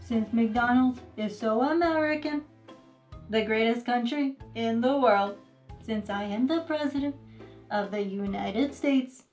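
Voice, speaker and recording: A woman's voice: a little high, darkish tone, soft background music, natural voice. A woman doing a boastful pompous president. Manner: boastful, self-praising, slow and drawn out. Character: impression of a pompous male president.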